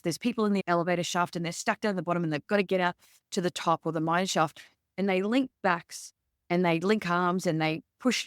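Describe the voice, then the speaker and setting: A woman with an Australian accent, a leadership expert guest telling stories in a relaxed interview and acting out quotes as she goes. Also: lowish voice, clear, resonant tone, no room sound, studio quality. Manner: lively, acts out quotes in her stories. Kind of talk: conversational interview storytelling.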